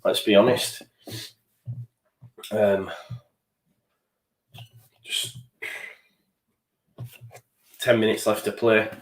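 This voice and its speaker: A young man hosts a live football watchalong, talking through the match in a frustrated voice and now and then swearing. His voice sits low. The sound bounces around an echoey room. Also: flat delivery, extremely slow, long pauses. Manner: frustrated, swears, reads out viewer chat. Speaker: fan channel host.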